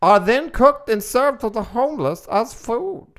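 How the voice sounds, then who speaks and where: A woman's voice: on the high side, animated, a little slow. A woman voicing a cheerful guest who gives breezy salesy patter about gold crabs.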